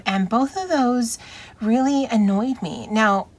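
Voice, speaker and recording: Working on a picture in her vlog, a woman with a Hawaiian accent chats casually. This YouTuber speaks softly and haltingly, tripping over words, and her pitch is fairly high.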